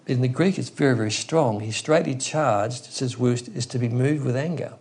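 Guy preaching thru a bible passage, earnest n emphatic, kinda gravelly, restarts his sentences a lot. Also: mid-range voice, normal speed, darkish tone. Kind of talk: expository Bible teaching.

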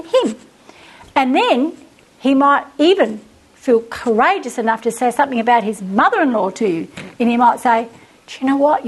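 A high-voiced older woman teaches a group of women in a warm, informal way. She talks quickly and enthusiastically, repeats her words and slips into small acted quotes. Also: poor audio.

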